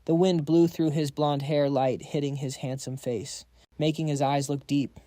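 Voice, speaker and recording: A man's voice: fairly high pitch, level tone, normal speed, mellow, dry recording. A man giving a scripted, casual and slangy narration of a comic story. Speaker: recap narrator.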